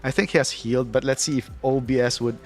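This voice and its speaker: A chatty man hosts a relaxed livestream at a mid pitch, talking loosely, reading viewer comments aloud and laughing often. A faint bed of music plays under his voice. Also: fast talker. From Philippines. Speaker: livestream host. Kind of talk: casual live chat.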